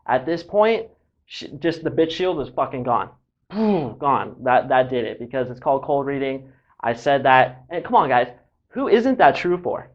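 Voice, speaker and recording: A man's voice: mid-range voice, very animated, normal speed. A man from Southern California telling a casual story as a dating coach, breezy and cocky, swearing freely, in a dull lo-fi recording.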